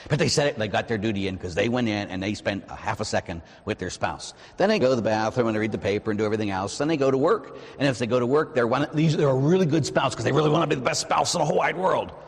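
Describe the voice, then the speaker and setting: Husky-voiced priest preaching in a reverberant church. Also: male voice, mid-range voice, fast talker, hardly any pauses. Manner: animated preaching, soft prayerful asides and acted-out quotes. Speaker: Catholic priest. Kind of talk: sermon.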